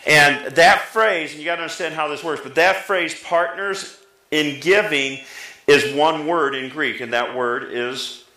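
Lively pastor with a bright voice. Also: male voice, measured pace, reverberant, poor audio. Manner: lively, pitch jumping up for emphasis, talks back and forth with the congregation. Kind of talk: sermon.

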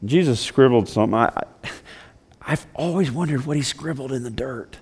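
A male pastor preaching a sermon, swinging from loud declarations to hushed, slow storytelling. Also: mid-range voice, husky.

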